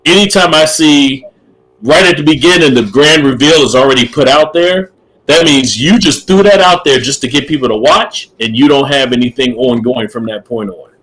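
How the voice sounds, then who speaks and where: A man's voice: medium pitch, moderate pace, fairly bright tone, low-quality recording. A middle-aged man co-hosting a casual podcast chat, opinionated, repeating himself and laughing often. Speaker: podcast co-host.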